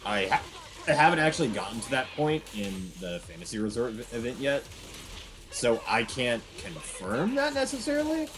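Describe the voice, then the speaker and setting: A man's voice: medium pitch, very animated, moderate pace, noisy background. A young man streaming a game, giving a rambling, emphatic commentary with frequent restarts. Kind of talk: casual gameplay commentary.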